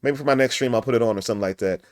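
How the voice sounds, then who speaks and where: A man runs a casual podcast chat over an online call, jokey and goofy, often breaking into laughs. His voice sits at an ordinary middle pitch. The sound is dry and close, with no room around it. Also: rapid-fire, dry recording. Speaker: podcast host.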